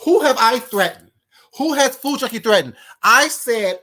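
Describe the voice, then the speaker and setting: A woman's voice: on the high side, animated, moderate pace, bright, forceful tone. A woman hosting a live stream, indignantly firing rhetorical questions at her viewers and a caller. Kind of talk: heated live-stream rant.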